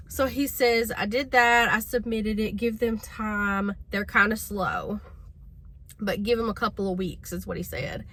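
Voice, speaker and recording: Woman vlogger, casual storytelling, bright clear voice, exasperated. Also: medium pitch. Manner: chatty, exasperated, addresses viewers as y'all.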